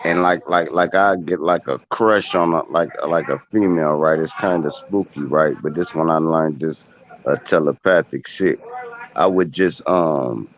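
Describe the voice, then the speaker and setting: A man's voice: rumbling low, moderate pace. A man talking casually in a group chat, rambling in slang with many fillers and restarts. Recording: dull lo-fi stream audio.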